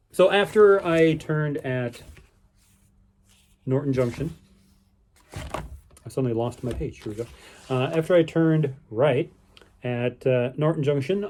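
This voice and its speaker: A man's voice: a little high, darkish tone. Rambling man recapping his day. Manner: rambling, with many fillers and restarts; easygoing and upbeat. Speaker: vlogger on a canal boating holiday. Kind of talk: casual spoken recap.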